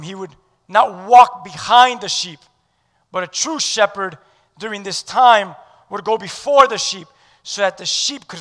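A male pastor preaching with a high, bright, forceful voice that swings from loud declarations to hushed words. He draws the congregation into call-and-response. His sermon rings out with a long hall reverb. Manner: leads the audience in call-and-response.

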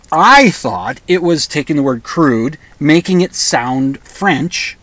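A man's voice: fairly high pitch, animated, slow pace, hardly any pauses, a bit bright, no room sound. A middle-aged man hosting a rambling comedic monologue, digressing often and restarting his sentences with repeated words. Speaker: monologue host.

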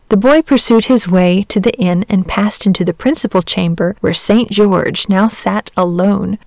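A woman who hosts a podcast, reading a classic storybook aloud in a clear, gentle way. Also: medium pitch, no echo.

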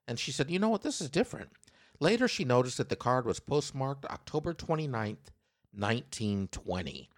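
A man's voice: mid-range voice, very animated, moderate pace, no echo, studio quality. A man co-hosting a casual podcast, reading out a news story in a playful, teasing way and raising his voice for quotes. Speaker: podcast co-host.

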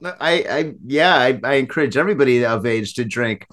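A man's voice: medium pitch, lively intonation, brisk, a bit bright. A man co-hosting a drinking podcast, chatting loosely and laughing a lot. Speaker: podcast co-host. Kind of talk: drunken casual chat.

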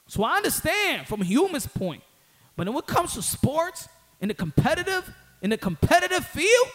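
A man with a high-pitched voice riffs on boxing in casual solo commentary. He talks in slang, repeats lines for emphasis and heats up into loud outbursts. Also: big pitch swings, normal speed.

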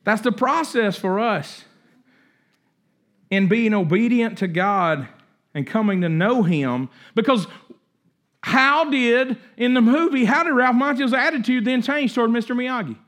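Preaching at an unhurried pace, the middle-aged pastor has a very high voice. He brings his stories to life with animation, frequently restarting what he's saying.

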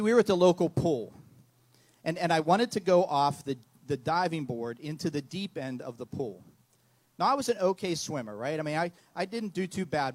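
A middle-aged man preaching a sermon, telling a story in an earnest way and often repeating words. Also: fairly high pitch. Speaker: pastor.

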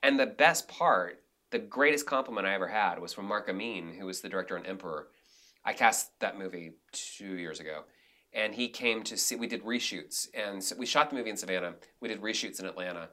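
A man, a director and actor, talking casually in an interview and telling animated stories from the theater with many restarts. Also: fairly low pitch, brisk. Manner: animated, acts out quotes, frequent restarts.

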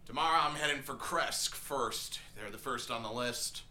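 A man voicing a practical male wine merchant in a tabletop game, speaking slowly and deliberately. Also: mid-range voice, pushed and bright, reverberant, a little hiss or hum. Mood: businesslike.

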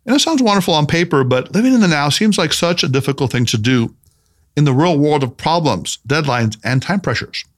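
A man's voice: lively intonation, a little fast, close to an everyday voice. A man voicing a skeptical adult male doctor in an audiobook, raising his voice into an incredulous, defensive tone. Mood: doubtful. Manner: incredulous, defensive, higher-pitched. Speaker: protagonist character in an audiobook. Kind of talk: audiobook character reading.

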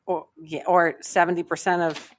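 A woman's voice: on the low side, level tone, moderate pace. Woman co-host with joking interjections. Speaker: podcast co-host. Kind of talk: casual podcast banter.

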